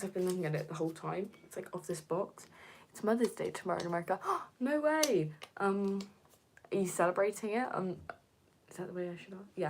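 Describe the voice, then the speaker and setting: A young woman chatting on a live stream and reading comments, rambling with lots of fillers, slipping into soft whispers and jumping high when excited. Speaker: content creator.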